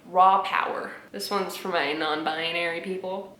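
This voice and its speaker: A young woman at home, reacting to memes with sarcastic, animated commentary, laughing often and dropping into muttered asides. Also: lowish voice, a little slow, hardly any pauses, reverberant. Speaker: video creator reacting to memes. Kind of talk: casual commentary vlog. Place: home apartment.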